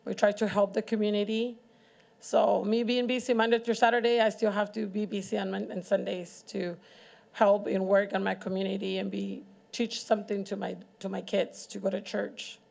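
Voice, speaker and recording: A middle-aged woman, a local restaurant owner, speaks haltingly at a community meeting, with frequent pauses and restarts. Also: mid-range voice, little pitch movement, gravelly, darkish tone. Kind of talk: personal testimony at a public forum.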